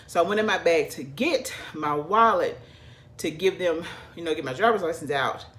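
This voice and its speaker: A woman's voice: fairly low pitch, moderate pace, a bit bright. A woman from the South, chatting animatedly to her viewers as she tells a personal story. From American South. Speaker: vlogger. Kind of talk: casual storytelling.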